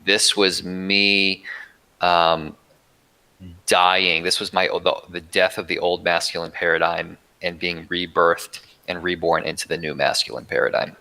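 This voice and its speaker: Man, podcast guest, very low voice, bright forceful tone, earnest reflective storytelling. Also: level tone, gravelly, poor audio. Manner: earnest, reflective, with halting restarts. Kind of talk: personal storytelling.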